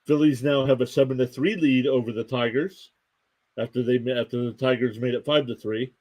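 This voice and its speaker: Young guy doing live baseball play-by-play on his stream, steady, reads scores out. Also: medium pitch, fairly quick. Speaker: live stream sports commentator. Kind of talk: live play-by-play reaction commentary.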